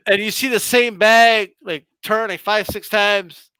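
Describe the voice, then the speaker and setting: A man hosting a casual boxing talk show, joking and animated, full of slang. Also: high-pitched, unhurried, smooth, dry recording. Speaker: boxing channel host. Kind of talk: casual chat.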